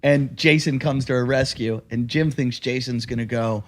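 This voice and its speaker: A male stand-up hosting a podcast in a voice of ordinary pitch. He teases and mocks the others in loose banter, laughing between jabs. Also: steady tone. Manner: teasing, quick to mock, laughs often. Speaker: podcast host and stand-up comic. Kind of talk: casual comedy banter.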